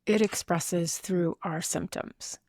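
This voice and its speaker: A woman's voice: on the low side, steady tone, slow pace, a little mellow, dry recording, studio quality. A woman pediatrician, a guest on a podcast, explaining earnestly with everyday analogies. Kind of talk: conversational interview.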